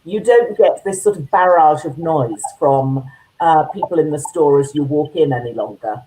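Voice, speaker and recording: A woman joining a radio show remotely, speaking in a measured, composed way. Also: sits low, warm tone, echoey room, slight background noise, rough recording. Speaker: remote guest. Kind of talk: casual radio chat. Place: remote line from home.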